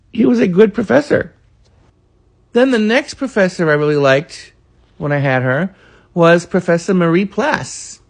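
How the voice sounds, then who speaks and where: A man's voice: high-pitched, creaky. A man, earnestly recalling college days in a rambling monologue full of fillers. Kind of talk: casual reminiscing monologue.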